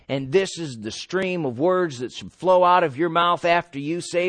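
A man with a notably high voice preaches a sermon with emphasis, tossing out questions and answering them himself. His delivery is insistent, with an occasional chuckle. The recording is close and dry, with no room sound. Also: normal speed, few pauses, fairly bright tone, dry recording.

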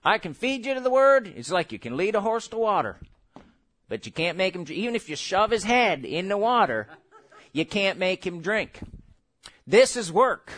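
A male pastor delivers a sermon in a high voice that climbs and dips widely. He jokes, chuckles and suddenly shouts, then slows to a measured crawl for scripture. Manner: animated preaching with sudden shouts and laughter; slow, drawn-out scripture reading.

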